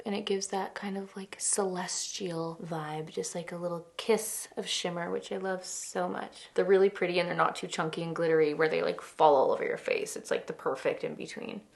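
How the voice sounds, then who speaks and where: A woman's voice: lowish voice, creaky. A young woman chatting through a makeup tutorial, gushing and chatty, with many fillers. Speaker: beauty vlogger. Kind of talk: casual makeup tutorial chat.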